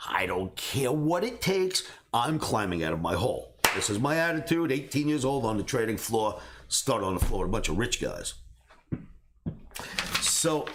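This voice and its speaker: A middle-aged man with a fairly low voice tells a story casually to a live stream, with slight background noise. He's a trading educator, and he animatedly acts out the voices of the people in his tale.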